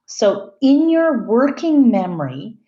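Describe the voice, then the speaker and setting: Here the middle-aged woman's voice sits a little high, with a sing-song lilt, a dark tone and a slow pace as she delivers a chatty classroom lecture and checks in with students. The audio is an echoey, dull lo-fi room recording.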